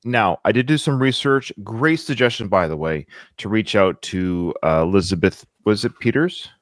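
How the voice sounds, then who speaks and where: A man's voice: fairly low pitch, animated, moderate pace, no echo, studio quality. A man hosting a casual podcast, chatty and rambling, with frequent filler words. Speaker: podcast host.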